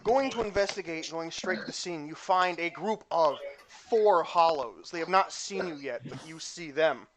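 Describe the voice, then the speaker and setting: Man, game master narrating, casual, halting, slightly high voice, noisy recording.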